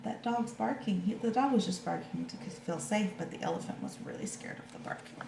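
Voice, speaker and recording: A woman teacher reading a picture book to children and talking it over with them in a gentle, reassuring way. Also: medium pitch, vocal fry. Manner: gentle, slow and reassuring, asks children questions. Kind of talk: storybook read-aloud with discussion. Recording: echoey room with faint background noise.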